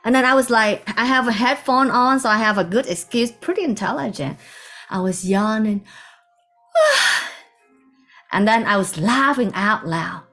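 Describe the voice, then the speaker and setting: Soft-spoken woman telling a spiritual story. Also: fairly high pitch, unhurried, soft background music. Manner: soft-spoken, meandering, with hushed asides. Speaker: spiritual teacher.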